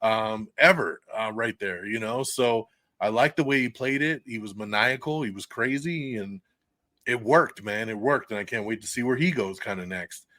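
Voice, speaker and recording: A man hosting a podcast, reviewing a movie in casual, excited chat. He swears freely and laughs often. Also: lowish voice, moderate pace, no room sound. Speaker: podcast host. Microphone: podcast mic, recorded live for video stream.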